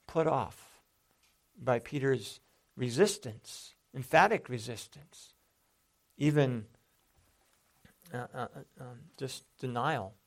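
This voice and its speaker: Guy giving a sermon, gravelly voice, earnest and chatty, keeps restarting his sentences. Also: mid-range voice. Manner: earnest, conversational, with many restarts. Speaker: preacher.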